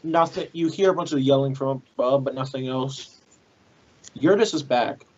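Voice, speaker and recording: A man's voice: mid-range voice, moderate pace. A young man narrating as game master in a casual tabletop game, swearing freely as he describes what happens. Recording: dull lo-fi mic with faint hiss.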